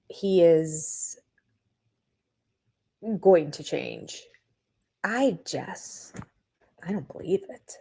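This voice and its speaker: A woman's voice: mid-range voice, a little mellow. An older woman hosting a casual live stream, chatty and opinionated, laughing often as she talks from home. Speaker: reality TV review host. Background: cat nearby.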